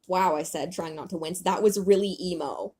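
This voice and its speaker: A woman's voice: fairly low pitch, normal speed, husky. A young woman reading aloud from a novel she wrote as a kid and joking about it as a podcast host. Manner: animated reading, breaking into laughter. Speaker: host reading her old writing. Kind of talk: comedic reading of her childhood novel.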